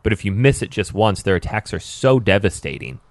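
A man's voice: on the low side, a little fast, dry recording. A man telling game stories in casual podcast chat. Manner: animated, storytelling. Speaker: podcast co-host.

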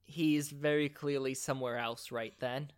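Smooth-voiced man running a tabletop game. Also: mid-range voice, moderate pace. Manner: relaxed, conversational narration with fillers. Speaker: game master.

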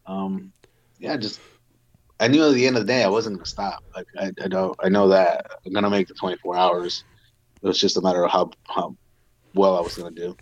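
A man in his forties, a Marine veteran, telling stories casually in an interview, full of fillers and quick laughs. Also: low voice, fairly even intonation, dry recording, muffled recording.

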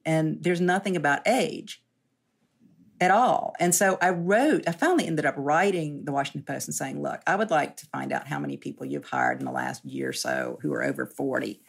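A woman around sixty, a journalist telling her story candidly in an interview, animated and often laughing. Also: sits low, gravelly, husky.

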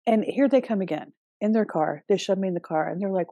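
Husky, mellow-voiced woman podcast host. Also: mid-range voice, fast talker, dry recording, muffled recording. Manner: relaxed and conversational, with frequent fillers and casual swearing. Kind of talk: casual spoken monologue.

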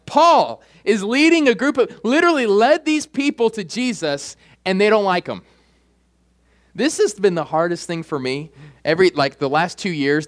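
A young man preaching a sermon as pastor, animated and joking, acting out quoted voices. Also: high-pitched, moderate pace. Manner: animated preaching, acts out voices, jokey asides.

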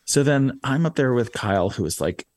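A man's voice: medium pitch, normal speed, no echo. Guy host telling funny stories, voice jumps all over, super dry close sound. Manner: animated, laughing storyteller. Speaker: podcast host. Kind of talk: casual storytelling chat.

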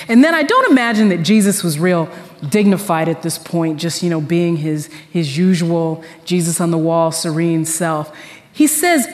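A woman pastor preaching a sermon in an animated, conversational storytelling way with casual slang, in a church sanctuary. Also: lowish voice, moderate pace, big-room sound.

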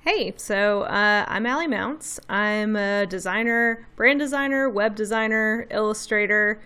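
A woman in her thirties from Tennessee with a light Southern accent, a designer chatting as an interview guest, upbeat and quick to laugh. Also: mid-range voice, sharp tone, clean tone. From Memphis, Tennessee. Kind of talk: casual interview chat.

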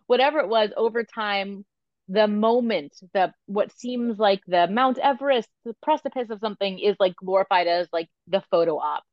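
A woman in her thirties, a photographer and coach, talking candidly in an interview, animated and full of filler words. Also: mid-range voice, no echo, dull audio. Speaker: podcast guest, photographer and coach.

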